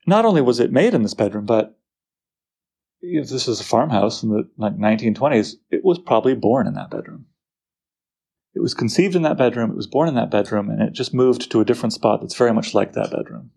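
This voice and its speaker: A man lecturing on a poem, lively and full of rhetorical questions to his listeners. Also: medium pitch, a little fast, creaky, breathy edge. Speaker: literature teacher.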